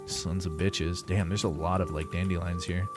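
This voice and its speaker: A young man with a fairly low voice chats through a live gaming stream, joking and rambling with his viewers. His banter is loose and profane, spoken close to a desk microphone. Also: flat delivery, normal speed, music in the background. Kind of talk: casual gaming livestream chat.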